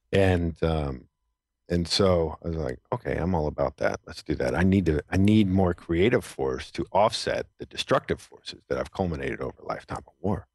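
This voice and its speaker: A man's voice: a bass voice, darkish tone, no echo. A middle-aged man, a retired Navy SEAL, telling his story as a podcast guest in an earnest, reflective way with frequent restarts. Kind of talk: conversational storytelling.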